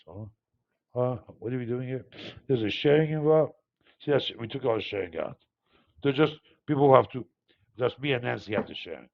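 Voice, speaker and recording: A man's voice: mid-range voice, vocal fry, narrow, tinny audio. A man hosting a market review, talking in a rambling, digressive way with many fillers and restarts. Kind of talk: rambling live market commentary.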